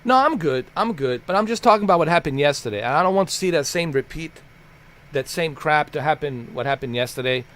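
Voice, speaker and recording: A man's voice: on the high side, expressive, a little fast, a bit bright. A man streaming live and ranting at his chat in a heated, blunt, profane way, repeating himself for emphasis.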